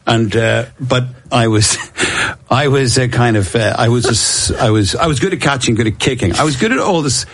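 A man's voice: medium pitch, moderate pace, a bit bright. A middle-aged man, telling rambling, self-mocking stories as an interview guest and laughing often. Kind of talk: casual anecdotal interview.

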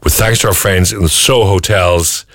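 A man's voice: low-pitched, normal speed, a bit bright, no room sound, studio quality. A middle-aged Irish man hosting casual morning radio chat, rambling and playful as he tells a story. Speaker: radio host.

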